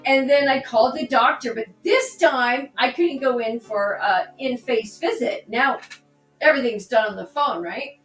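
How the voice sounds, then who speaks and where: A woman, a political candidate on a podcast, talking through a personal story in an animated way and acting out the dialogue. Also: sits high, normal speed. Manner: animated, re-enacts dialogue in her stories. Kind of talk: conversational storytelling. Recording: echoey room, distant mic, faint music.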